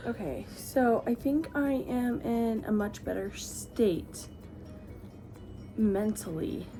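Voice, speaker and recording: Slow, gravelly-voiced woman reviewing books. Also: medium pitch. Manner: emotional, rambling with many restarts. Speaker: book reviewer. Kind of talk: casual book vlog.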